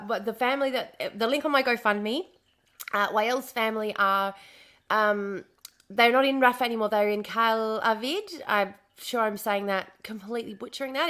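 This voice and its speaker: An Australian woman chatting casually on a live stream, slightly hoarse from a lost voice, repeating herself as she greets viewers. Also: mid-range voice, a bit bright.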